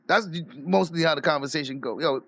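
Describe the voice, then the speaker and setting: A man telling a story in a casual rant, profane and animated, breaking into laughter as he talks. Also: fairly high pitch, brisk, creaky, no room sound, clean studio sound. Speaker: streamer.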